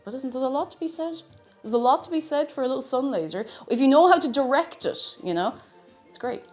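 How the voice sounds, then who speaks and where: A woman's voice: high voice, lively intonation, fast, a little mellow, soft background music. Bubbly woman chatting on stream. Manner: bubbly, chatty, greets chat by name. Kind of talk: casual live-stream chat.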